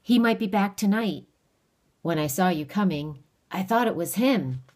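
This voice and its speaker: A woman's voice: mid-range voice, expressive, moderate pace, a little mellow, voice pushed up, close to an everyday voice. A woman voicing a guarded, polite frontier boy who lives alone in a cabin.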